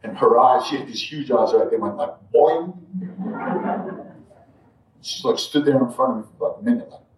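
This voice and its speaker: A man telling a personal story to an audience in a conversational, emphatic way that often drops to hushed tones. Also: mid-range voice, steady tone, quick pace, few pauses. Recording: roomy sound from a distant mic.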